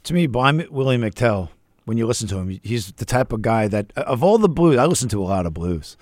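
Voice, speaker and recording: A man of middling pitch hosts a music show in a relaxed, chatty way, sounding keen as he talks. His voice is recorded dry, with no room sound around it. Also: fairly quick, no room sound. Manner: enthusiastic, chatty, with fillers. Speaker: host. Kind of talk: casual radio talk about music.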